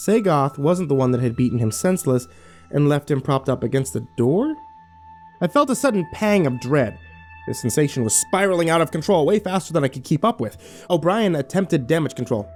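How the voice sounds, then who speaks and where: A man narrating a first-person horror story in a wry, animated way. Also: fairly high pitch, brisk, faint music behind.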